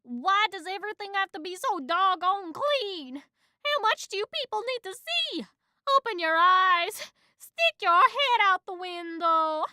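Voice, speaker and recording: A woman voicing a pushy male mosquito, loud and brash, in a casual script read-through. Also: sits high, big pitch swings, measured pace, dry recording, clean studio sound, voice pushed up, exaggerated voice. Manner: brash, shouting.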